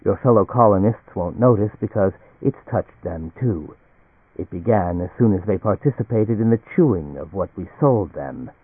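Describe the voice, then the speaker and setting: A man voicing an ancient, weary male alien entity who speaks quietly and bitterly, with a mocking edge. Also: low voice, expressive, moderate pace, breathy edge, dry recording. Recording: dry, tinny phone-like audio.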